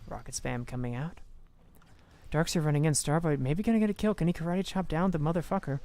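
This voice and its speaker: A young man casting a video game with excitable, swearing, self-mocking commentary, talking close to his microphone. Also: fairly high pitch, fairly quick. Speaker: game caster. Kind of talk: casual esports commentary.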